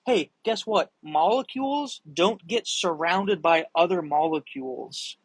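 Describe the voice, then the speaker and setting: A young man hosting a live stream, answering viewer questions in a rambling, excitable, casual chat, swearing freely. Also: high-pitched, a little slow, slightly rough, no room sound, rough recording.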